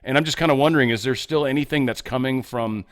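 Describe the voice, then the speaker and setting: A man's voice: medium pitch, fast. A man hosting a casual interview, asking loose, rambling questions full of fillers. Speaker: podcast host.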